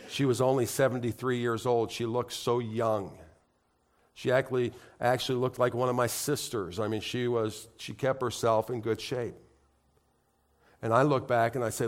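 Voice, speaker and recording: A man's voice: mid-range voice, steady tone, normal speed. A middle-aged man preaching a sermon in church, conversational and heartfelt, building to emphatic, rising appeals. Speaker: pastor.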